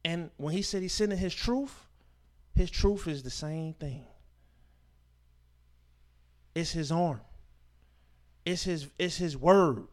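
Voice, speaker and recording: A man teaching a scripture class as a sermon, reading verses aloud and explaining them with emphatic, informal preaching that swings from loud declarations to quiet asides. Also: on the high side, slow pace, pauses often. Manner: informal speech with dropped verb endings and rhetorical questions.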